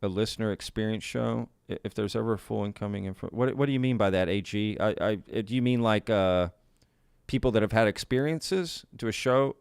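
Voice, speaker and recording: A man's voice: lowish voice, fairly quick, gravelly, a little mellow, clean tone, no echo, studio quality. Upbeat man hosting live chat. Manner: upbeat, laughs often, greets viewers by place. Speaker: podcast host reading live chat. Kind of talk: casual live-stream chat.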